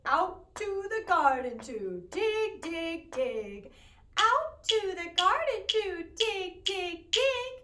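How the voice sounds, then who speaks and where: A woman's voice: very high voice, very animated, slow pace, bright, forceful tone, reverberant, heavily acted. A woman voicing an apologetic, stubborn pig in a sing-song chanted rhyme.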